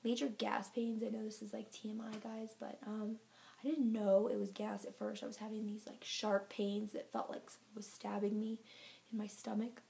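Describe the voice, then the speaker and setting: A woman chatting to her viewers in a casual vlog, her voice gravelly with vocal fry. She talks a little out of breath, rambling through her update with plenty of fillers. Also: mid-range voice, little pitch movement, moderate pace, dark tone, a little hiss or hum. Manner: chatty, filler-heavy storytelling. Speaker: vlogger giving a pregnancy update. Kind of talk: casual chat to camera.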